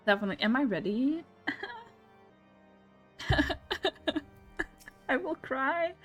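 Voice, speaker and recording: A woman's voice: sits high, animated, extremely slow, pauses often, faint music behind. A young woman streaming a story game, reacting with giddy, laughing, flustered commentary. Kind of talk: excited live reaction commentary. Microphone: headset with earbuds.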